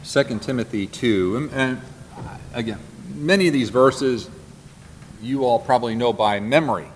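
A man leads a Bible class in an earnest, deliberate manner, and he slows down and repeats the points he wants to stick. His voice sits in a middle register. It carries a long hall reverb with faint background noise underneath. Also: medium pitch. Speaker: Bible teacher.

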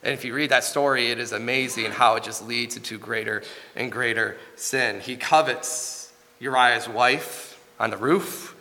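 A man in his thirties preaching a sermon, telling a family story in an earnest, halting way with frequent restarts. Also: mid-range voice, sharp tone, long reverb tail.

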